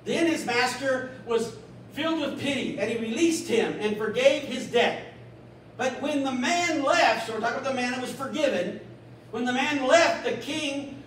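A man preaching a sermon as pastor, animated, acting out a scripture story in quick little voices. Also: very high voice, slight background noise. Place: church. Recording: echoey church room from a distance.

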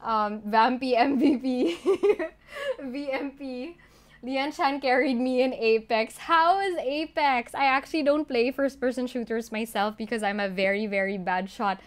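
A woman streaming a game live, excitable and giggly, shaky and overwhelmed as she thanks her chat. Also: high-pitched, measured pace. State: shaky and overwhelmed, near tears.

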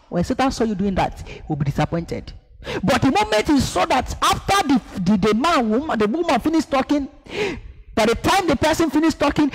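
A man's voice: extremely high pitch, big pitch swings, brisk. A man preaching a sermon, emphatic, asking the congregation to repeat after him and acting out scenes. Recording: echoey hall.

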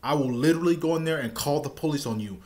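A man voicing a bullying male Marine drill instructor who barks orders and swings from calm threats to screaming. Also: a little high, fast talker, voice pushed up, lightly acted. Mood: menacing. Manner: shouts orders, switches from calm menace to screaming.

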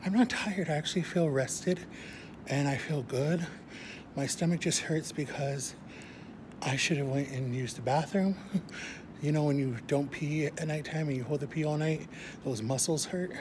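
A man's voice: fairly high pitch, moderate pace, background noise. A man vlogging casually to camera, talking straight to his viewers, a little out of breath. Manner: chatty, addresses viewers directly. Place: outside a hospital in early morning.

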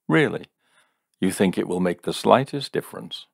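A man's voice: low-pitched, moderate pace, creaky, dry recording, studio quality, full character voice. A man reading a story, voicing a smug, scornful young skeptic. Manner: steady, scornful, teasing.

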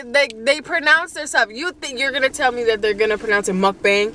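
A woman's voice: on the high side, a little fast, pushed and bright, a little hiss or hum. A young woman co-hosting a couple's mukbang vlog, talking bluntly and playfully about food from inside a car. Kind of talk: casual mukbang chat.

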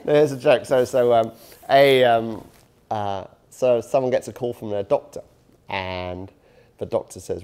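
Middle-aged man, guest lecturer, relaxed and chatty, lots of ums and restarts, mid-pitched. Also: a little slow, clean tone. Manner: conversational, self-deprecating, many fillers and restarts. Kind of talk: public lecture. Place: university lecture room. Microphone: touchy handheld mic.

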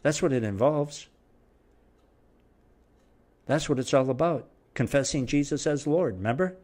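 A man's voice: medium pitch, animated, measured pace, a little mellow. Emphatic man preaching a sermon. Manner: emphatic, repetitive preaching cadence. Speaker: preacher and Bible teacher. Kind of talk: verse-by-verse sermon.

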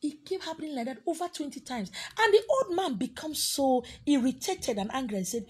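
A woman's voice: high voice, animated, a little fast, few pauses, a little mellow. A Nigerian-accented woman speaking in a defiant, emphatic vlog monologue.

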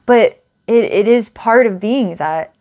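A woman's voice: a little high, slow pace, mellow. A woman giving a recorded psychic reading to a client, talking in an earnest, rambling way, restarting often and laughing now and then. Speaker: psychic reader.

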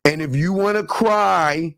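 A man hosting a casual talk show, animated and preachy, often repeating himself. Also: high-pitched, unhurried, creaky, no echo, clean studio sound. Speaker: podcast host.

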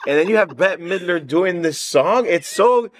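A man's voice: high-pitched, expressive, moderate pace. A man co-hosting a casual chat show, giving easygoing opinions with frequent laughs. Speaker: co-host.

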